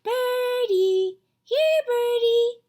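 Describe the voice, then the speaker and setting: A woman doing a tiny boy shrieking after pigeons, very high and stretched out. It is bright and piercing. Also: lively intonation, drawn-out words, heavily acted. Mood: excited. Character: squealing toddler boy chasing birds.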